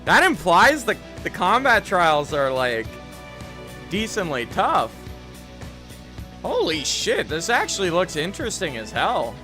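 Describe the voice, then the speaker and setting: A man's voice: high voice, huge pitch swings, unhurried, music in the background. A young man chatting casually on a live game stream, rambling, self-critical and swearing often.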